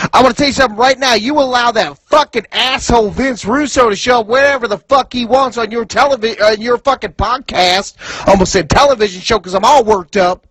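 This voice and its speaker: A man impersonating a foul-mouthed, irate wrestling promoter in a rapid-fire comedy rant full of profanity. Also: extremely high pitch, a bit bright, no echo. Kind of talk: recorded comedy bumper rant.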